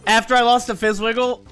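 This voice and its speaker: A man talking casually to his stream audience, telling stories in an animated, profane, joking way. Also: very high-pitched.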